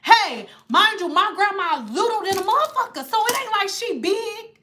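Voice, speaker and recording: A woman telling a story on a casual vlog, animated and profane, with laughing asides. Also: very high voice, normal speed, a little hiss or hum. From Detroit. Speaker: vlogger.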